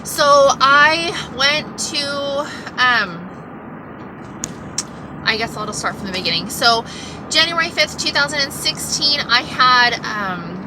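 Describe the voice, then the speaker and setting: A woman with a fairly high voice vlogs from inside a car, talking casually and candidly with rambling, excitable energy. A clear hum of road and car noise runs underneath her voice. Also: slow. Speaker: vlogger. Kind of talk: casual chatty update.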